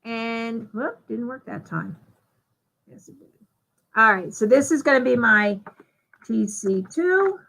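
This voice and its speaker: A woman giving a live software demonstration, talking through each step in a chatty way with fillers. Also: fairly high pitch, lively intonation, slow pace, creaky, long pauses, low-quality recording. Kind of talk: live software demo walkthrough.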